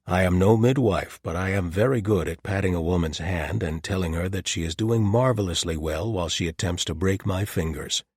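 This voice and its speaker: A man playing a deadpan paladin captain. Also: deep voice, a little fast, few pauses, slightly rough, dry recording. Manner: deadpan, dry wit. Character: large, dry-humored male paladin captain.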